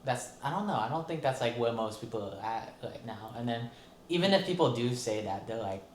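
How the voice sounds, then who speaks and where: A man's voice: medium pitch, lively intonation, brisk, darkish tone. A young man co-hosting a podcast, chatting casually and rambling with lots of fillers, recorded in an apartment. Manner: rambling, filler-heavy, laughs often. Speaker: podcast co-host. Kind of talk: casual chat. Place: apartment room. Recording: echoey room with faint ambient noise.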